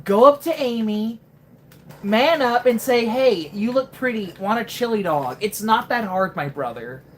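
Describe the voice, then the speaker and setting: A woman's voice: a little high, animated, unhurried, slight background noise. A woman voicing a snarky young male fox sidekick who mocks and scolds in slangy trash talk. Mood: mocking.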